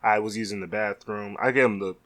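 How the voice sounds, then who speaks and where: A young man telling a storytime vlog, animated and exasperated, talking casually. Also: lowish voice, brisk. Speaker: vlogger.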